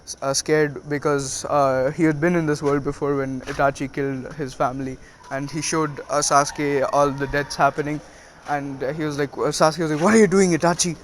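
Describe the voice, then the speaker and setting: A man casually retelling a fan story. His fairly high voice halts often on fillers as he goes. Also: flat delivery, a little hiss or hum. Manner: halting, many fillers.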